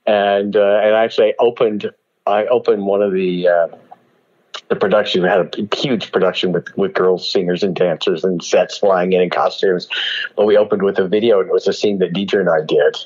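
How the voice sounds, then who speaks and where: Lively older man telling stories, muffled audio. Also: low voice, moderate pace. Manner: animated, laughs often, does voices in anecdotes. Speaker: guest actor. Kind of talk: storytelling interview. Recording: dull lo-fi audio.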